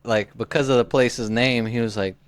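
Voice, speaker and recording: Speaking at normal speed with a steady, medium-pitched tone and no echo, a man in his twenties co-hosts a podcast. He tells a meandering, casual story packed with "like" and frequent restarts.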